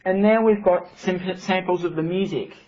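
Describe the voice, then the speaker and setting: A reviewer demonstrating software, explaining things step by step with many restarts. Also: medium pitch, normal speed. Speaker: product reviewer. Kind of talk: casual demonstration. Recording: dull home recording, faint hiss.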